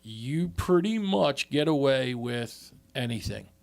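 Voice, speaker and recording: Gravelly man who stammers. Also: mid-range voice, lively intonation. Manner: halting, stammers and repeats words. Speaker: podcast co-host. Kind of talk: casual chat.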